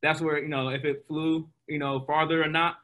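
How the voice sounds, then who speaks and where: A young man, a pro baseball player, telling animated stories in a casual interview, full of fillers. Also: fairly high pitch, normal speed. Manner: animated, excitable, many fillers. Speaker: guest, professional baseball player.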